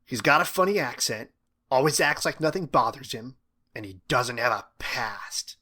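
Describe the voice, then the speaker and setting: A wisecracking teenage boy who spins wild theories, as a man reads him in an audiobook. He talks in a playful, conspiratorial way. The voice is bright and lively. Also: medium pitch, moderate pace.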